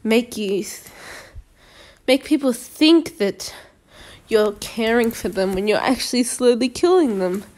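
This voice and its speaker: A woman's voice: on the high side, lively intonation, unhurried, a little mellow. A young woman chatting her way through a video game, joking with her viewers as she plays. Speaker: gaming video creator. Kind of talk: casual gameplay commentary.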